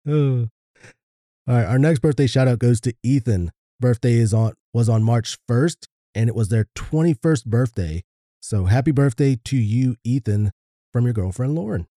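A man's voice: mid-range voice, expressive, moderate pace, warm tone, no echo, studio quality. A man co-hosting a casual podcast, laid-back, with wry asides. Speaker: podcast co-host.

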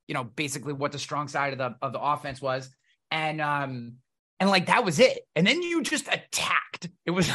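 A man on a podcast, telling blunt, profane stories in a casual, animated way. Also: on the high side. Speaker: podcast guest. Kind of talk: casual conversation.

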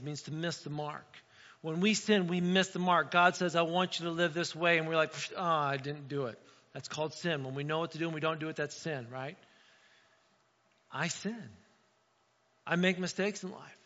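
A middle-aged man preaching a casual, story-driven sermon to his church, often acting out voices in asides. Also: on the high side. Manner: conversational, animated storytelling with acted asides. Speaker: pastor. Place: church sanctuary. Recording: dull sound with long hall reverb.

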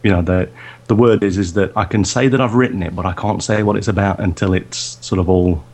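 A man, a photographer and podcaster, chatting as a guest in a halting way, with many fillers and restarts. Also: low-pitched, fairly even intonation, darkish tone. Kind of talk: casual podcast chat.

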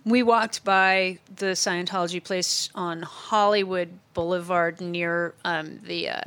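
A woman with a bright, forceful voice tells stories in casual chat. She is blunt and emphatic and pauses on fillers as she goes. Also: fairly low pitch, steady tone, clear, resonant tone.

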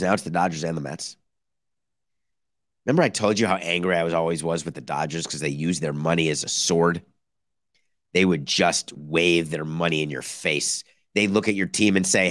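A man hosts a baseball podcast with animated commentary, speaking in sarcastic bursts and acting out mock conversations between teams. His low voice is a bit bright, and the studio sound is clean with no echo.

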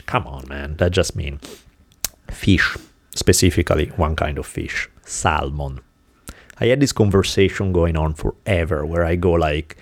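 A man from Italy with an Italian accent, chatting casually as a podcast co-host, telling animated stories and swearing freely. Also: rumbling low, unhurried, dry recording. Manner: animated storytelling, acting out exasperated dialogue. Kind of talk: casual chat.

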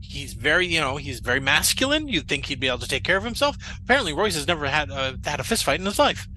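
High, bright, gossipy man. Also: big pitch swings, fast talker, slight background noise, low-quality recording. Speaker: player. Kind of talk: casual in-character banter in a tabletop game.

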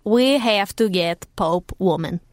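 A woman voicing her joking immigrant father in a put-on Russian accent and broken English, telling a slow deadpan joke in a recording booth. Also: mid-range voice, dry recording, clean studio sound, lightly acted.

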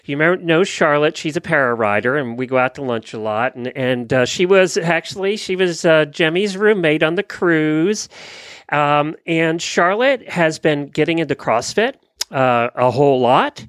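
A man hosting a podcast, chatting in an easygoing way and giving plugs and shout-outs. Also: a little high, animated, moderate pace, no room sound, studio quality. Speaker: podcast host. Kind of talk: casual chat.

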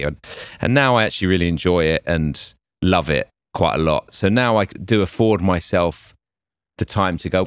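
A middle-aged man with an English accent and a deep voice, a little croaky and tired today. He tells stories in a chatty, animated way. The sound is dry and close, with no room around it. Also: a little fast, no echo. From England. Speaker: executive producer, guest. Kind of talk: casual interview.

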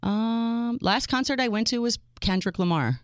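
A woman's voice: on the high side, normal speed, dry recording, clean studio sound. A woman co-hosting a radio talk show, bubbly and teasing in a playful chat, raised in the United States in a Serbian family.

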